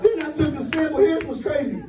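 A man's voice: very high-pitched, fairly quick, far from the mic, noisy background. A man in his fifties from the US East Coast, a stand-up comedian telling loose, profane stories with a laugh in his voice. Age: 50s. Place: live comedy club with audience. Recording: roomy live stage mic, crowd.

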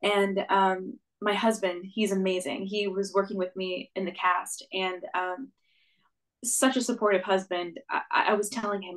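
A young stage actress with a mid-range voice tells her story as a guest in a conversational interview, speaking at a normal speed with a flat delivery. She's earnest and reflective, saying "like" and "um" often, and the recording quality is low.

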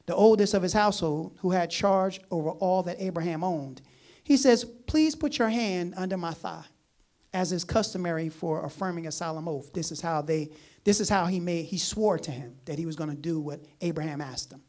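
A preacher giving a sermon, reading scripture aloud and commenting on it, who talks emphatically and repeats key phrases, swinging between loud, urgent lines and quiet asides. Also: mid-range voice, moderate pace.

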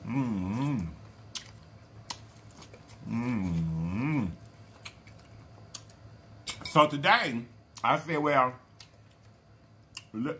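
Here the mukbang host's voice is mid-range and sharp, with slight background noise. Folksy and talkative on his casual eating show, he hums over the food and calls viewers y'all and baby.

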